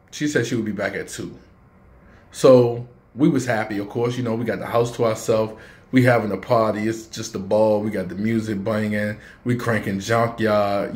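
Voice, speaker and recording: A man's voice: lowish voice, echoey room. A man, telling a personal story and speaking to parents in a casual, earnest vlog. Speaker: vlogger.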